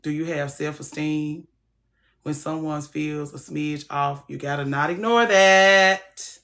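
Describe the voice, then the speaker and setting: Woman, livestream host, casual chat, frank, soft to loud swings, lowish voice. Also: steady tone, slow pace.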